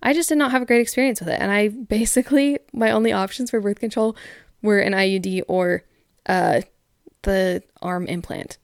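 A woman's voice: mid-range voice, normal speed, no echo, studio quality. A woman in her twenties hosting a casual talk show, chatting candidly and reading listener stories, with frequent "like" fillers. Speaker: podcast host.

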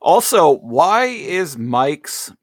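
A man's voice: fairly high pitch, very animated, very slow, slight background noise. A man in his thirties chatting casually on a podcast, rambling with lots of fillers and laughing often. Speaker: podcast co-host. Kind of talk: casual chat.

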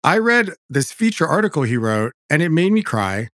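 A man hosting a podcast, talking in an animated, chatty way that keeps breaking off and restarting. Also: fairly high pitch, moderate pace, no echo, studio quality. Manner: animated, self-interrupting, chatty. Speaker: podcast host. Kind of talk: casual chat.

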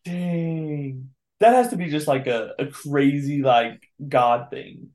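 A young man co-hosting a podcast, chatting casually and teasing with quick reactions. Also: fairly high pitch, darkish tone. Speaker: podcast co-host. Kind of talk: casual chat.

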